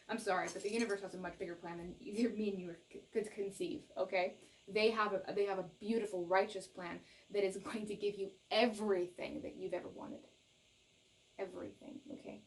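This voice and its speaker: A woman's voice: medium pitch, darkish tone, recorded from a distance, rough recording. A woman giving a tarot reading to camera, earnest and reassuring, often checking in with "okay?" and gushing with emotion. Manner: gushes with emotion. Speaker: tarot reader.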